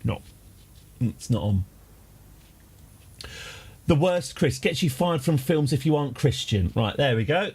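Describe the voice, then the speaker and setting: A man's voice: on the high side, expressive, unhurried, pauses often, darkish tone, slightly rough. A man chatting casually as a game streamer, rambling through tangents with dry jokes. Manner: rambling, tangent-prone, dryly joking. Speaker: livestream gamer host.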